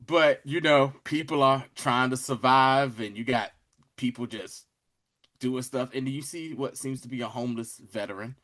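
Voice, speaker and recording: Reviewing a show on a podcast, a young co-host chats casually about it. His voice is medium in pitch with a fairly bright tone, and he replays scenes with lively energy, slang and performed quotes.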